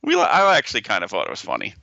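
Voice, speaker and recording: A man's voice: fairly low pitch, wildly swooping pitch, racing, gravelly, bright, forceful tone, dry recording, highs cut off. A man co-hosting a podcast, joking in mock-outraged banter. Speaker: podcast co-host. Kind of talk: casual chat.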